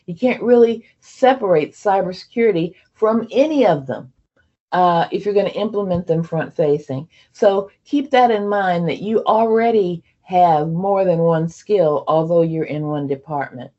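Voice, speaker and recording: A woman's voice: fairly low pitch, normal speed, dark tone, dull audio. A woman leading an onboarding presentation for a tech training program, talking conversationally with many fillers and restarts. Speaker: program leader addressing trainees.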